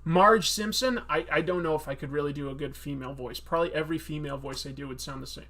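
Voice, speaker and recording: A man's voice: on the high side, quick pace, sharp tone. A man hosting a live stream, answering chat questions in a casual, self-deprecating, rambling way. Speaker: comic artist streamer.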